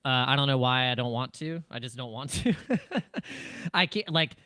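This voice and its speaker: A man's voice: mid-range voice, moderate pace, pushed and bright, dry recording, clean studio sound. A man hosting a casual crypto live stream, rambling and jokey, with frequent restarts and laughs. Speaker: crypto livestream host.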